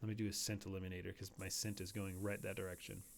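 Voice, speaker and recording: A man's voice: deep voice, flat delivery, fast, creaky, a little hiss or hum. A man streaming a hunting game, rambling casually and dropping to a near whisper while sneaking up on animals. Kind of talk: casual gameplay commentary.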